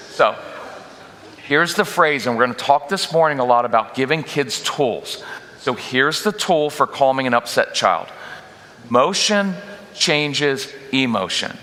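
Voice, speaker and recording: A man giving a humorous parenting workshop talk as a guest speaker, lively and jokey, often slipping into quick mock voices of parents and kids. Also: on the high side. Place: church auditorium. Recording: long hall reverb in a church.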